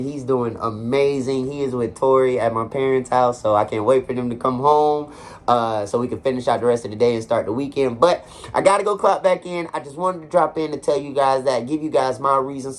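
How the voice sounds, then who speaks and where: A young man talking earnestly and conversationally to his viewers from his apartment, urging them on like a motivational speaker. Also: medium pitch. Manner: earnest, preachy, conversational, addresses viewers directly. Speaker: vlogger. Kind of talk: heartfelt motivational monologue.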